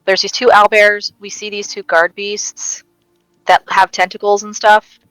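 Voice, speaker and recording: A woman's voice: medium pitch, flat delivery, a little slow, a bit bright, smooth, no room sound, faint music behind, low-quality recording. A woman playing a tabletop game, chatting casually and thinking aloud as she asks questions. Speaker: player.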